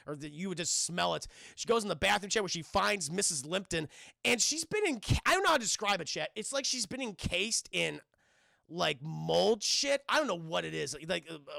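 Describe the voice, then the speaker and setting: Young male streamer, bright forceful tone, dry close sound, rambling and profane. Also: high-pitched, vocal fry, no echo. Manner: rambling, profane, addresses chat constantly. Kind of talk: casual film recap to a live chat.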